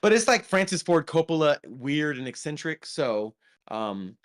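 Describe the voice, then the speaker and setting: A man's voice: on the high side, sing-song, measured pace, smooth. Rambling man recommending movies. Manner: rambling, many ums and restarts. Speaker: podcast co-host. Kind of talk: casual movie review chat.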